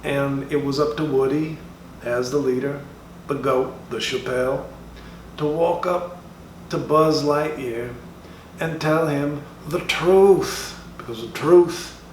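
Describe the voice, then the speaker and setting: In a comedic impression monologue, a man with a natural, mid-range voice plays a brash middle-aged comedian addressing a school assembly. He drawls, swears and taunts the kids in mock-serious fashion, picked up by a distant mic in an echoing room with faint background noise.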